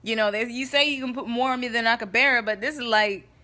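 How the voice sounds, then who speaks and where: Fast, pushed and bright, this woman's voice sits on the high side as she gives a casual faith talk to camera. The vlogger stays chatty and emphatic and keeps checking in with her audience.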